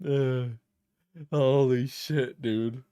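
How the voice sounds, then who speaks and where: A man's voice: medium pitch, steady tone, drawn-out words, mellow, smooth, no room sound, dull audio. A young man streaming a reaction video, laughing often, swearing and repeating himself as he gives blunt opinions. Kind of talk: casual reaction commentary.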